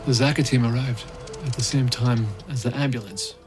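A man's voice: medium pitch, steady tone, moderate pace, music in the background, natural voice. An actor playing a haunted male rescue volunteer, telling his story in an intense, emotionally raw first-person monologue. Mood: shaken. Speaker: narrator.

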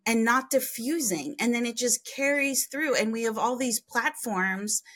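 Frank, animated woman telling stories. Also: unhurried. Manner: animated, frank, swings pitch high for emphasis; mild swearing, chatty. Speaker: podcast guest. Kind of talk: candid conversational storytelling.

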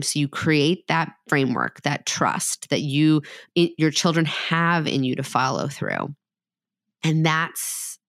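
Woman podcast host, 30s, low voice, chatty and candid, close dry mic. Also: dry recording. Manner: chatty, candid, laughs often, many "like" fillers. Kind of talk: casual solo podcast talk.

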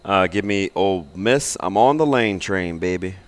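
Man, low pitch, casual sports talk, joking, radio co-host. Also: lively intonation, normal speed, slight background noise. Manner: joking, laughs often.

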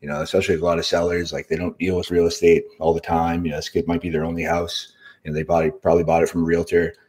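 A man's voice: low voice, level tone, quick pace, darkish tone. A man hosting a podcast interview, chatting loosely with lots of fillers and reading out live comments from viewers. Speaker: podcast host. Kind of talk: casual interview talk.

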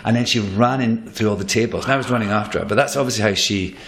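A man's voice: lowish voice, fast. A man who is an actor, telling stories in a casual interview and rambling through restarts. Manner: animated storyteller, rambling with restarts.

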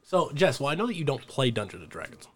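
A man who is a regular on a podcast, asking friends questions and bantering quickly and casually. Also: mid-range voice, big pitch swings, slightly rough. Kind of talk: casual chat.

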